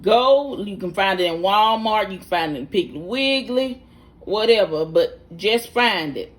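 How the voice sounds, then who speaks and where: A woman's voice: medium pitch, expressive, moderate pace. Folksy woman cooking at home. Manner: folksy, chatty, instructive, addresses viewers directly. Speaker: home cook, vlog host. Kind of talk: casual cooking demonstration. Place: home kitchen.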